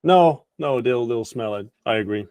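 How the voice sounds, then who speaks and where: Mellow-voiced male interview host. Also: mid-range voice, lively intonation, normal speed, dry recording. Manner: agreeable, thinks aloud with fillers. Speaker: interview host, sales trainer. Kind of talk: conversational interview.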